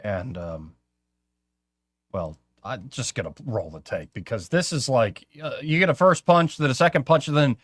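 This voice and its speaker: A man's voice: mid-range voice, normal speed, a bit bright, dry recording, studio quality. A man hosting a talk radio show, chatting casually and wryly with his co-host while setting up clips. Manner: conversational, wry, plays clips. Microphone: studio microphone.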